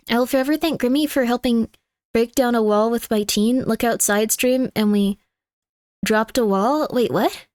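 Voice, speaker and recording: High-voiced woman streamer chatting to chat. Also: smooth, dry recording, clean studio sound. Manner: chatty, reads chat aloud, coos softly to her cat. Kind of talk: casual live-stream chat. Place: home room.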